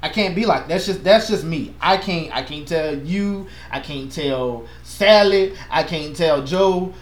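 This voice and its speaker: Male pastor, fairly high voice, earnest and passionate, echoey room. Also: a little slow. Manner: earnest, passionate, animated with playful asides. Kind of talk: casual chat.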